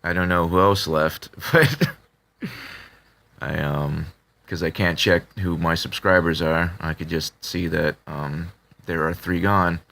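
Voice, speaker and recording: A man talking casually to his subscribers, halting with many fillers and restarts, in a flat tone that can sound annoyed. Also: low-pitched, gravelly. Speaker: video creator talking to subscribers. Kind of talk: casual confessional talk to camera.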